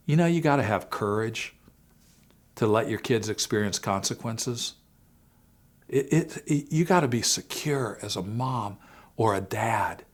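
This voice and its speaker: A man speaking to parents in a faith-based family talk, telling a personal story earnestly and swinging between hushed and emphatic moments. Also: mid-range voice, animated, normal speed. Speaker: Christian family-series speaker.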